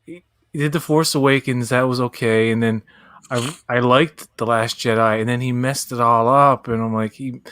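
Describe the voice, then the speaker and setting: A man's voice: mid-range voice, fairly even intonation, moderate pace, a bit bright, smooth, no echo. A man, blunt and sweary, co-hosting a casual late-night chat show. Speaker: podcast co-host.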